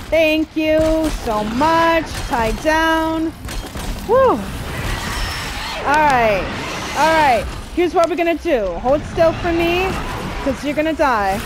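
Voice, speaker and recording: A woman giving excitable let's-play commentary while gaming, squealing and cheering through the fights. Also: sits high, background noise. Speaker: gamer playing a video game. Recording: game music playing behind the voice.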